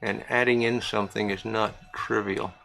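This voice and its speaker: Man, livestream auction host, casual chatty, reads out bids, gravelly voice. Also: on the low side, fairly even intonation, normal speed, bright, forceful tone, rough recording. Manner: chatty, reads out bidders and amounts. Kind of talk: casual live-stream auctioneering.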